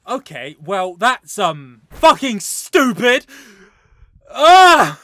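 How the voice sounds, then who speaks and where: A man giving excitable, joking let's play commentary, often shouting and swearing at the game. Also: very high voice, very slow. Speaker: gaming channel host.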